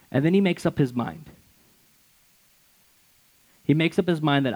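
Slightly high-voiced man preaching. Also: expressive, unhurried, long pauses, a little mellow, low-quality recording. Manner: reads scripture aloud, then explains it conversationally with restarts. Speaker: pastor. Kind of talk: sermon.

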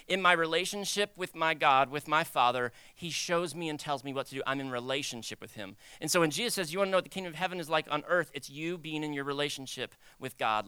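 A young man preaching a sermon in a conversational, animated way, acting out quoted voices. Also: medium pitch, smooth, no room sound. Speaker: pastor.

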